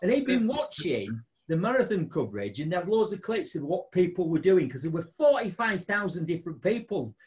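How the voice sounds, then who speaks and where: A podcast host tells a funny story in a casual chat, speaking a little fast with hardly any pauses. He laughs often and jumps around in pitch like an animated storyteller.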